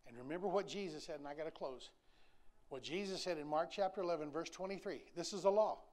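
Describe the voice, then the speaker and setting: A man's voice: fairly high pitch, fast talker, darkish tone. A man, preaching a sermon in an emphatic, folksy, repetitive way with touches of humor. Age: 60s. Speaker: pastor.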